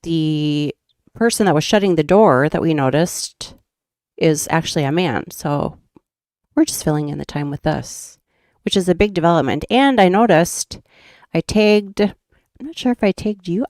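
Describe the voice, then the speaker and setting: A woman's voice: deep voice, expressive, measured pace, darkish tone, no room sound, clean studio sound. A woman with a Minnesota accent hosting a casual true crime livestream, rambling and chatty. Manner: chatty, rambling, laughs often. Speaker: true crime YouTube host.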